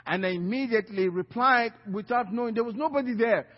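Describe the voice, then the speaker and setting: A man's voice: extremely high pitch, fairly quick, long reverb tail, muffled recording. A male pastor telling a personal story in a sermon, acting out the dialogue and often repeating his words. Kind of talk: sermon testimony.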